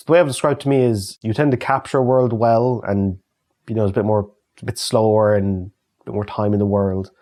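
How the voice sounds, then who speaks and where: A man's voice: mid-range voice, a little mellow. An Irish man in his thirties, chatting casually and answering viewer questions with loose, swearing humour. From Ireland. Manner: chatty and swears freely, reads questions aloud. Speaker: YouTube creator answering fan questions. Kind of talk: casual solo Q&A chat.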